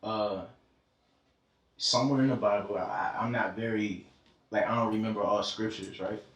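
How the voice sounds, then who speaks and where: The man from Georgia has a fairly low, steady voice at a normal pace. As a podcast guest in a casual heart-to-heart, he talks with preachy fervor and plenty of swearing, heard through a distant mic in an echoey room.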